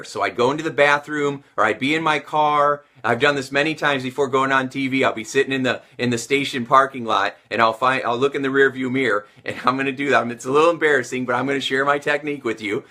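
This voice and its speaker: A male sales and communication coach talks straight to camera in a bright, forceful, mid-range voice. His teaching is energetic and motivational, and he repeats phrases to stress his points.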